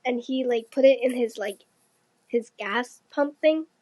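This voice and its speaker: A woman's voice: fairly high pitch, a little slow, dark tone, dry recording. A woman co-hosting a podcast, telling a story in casual rambling chat and quoting others. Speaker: podcast co-host.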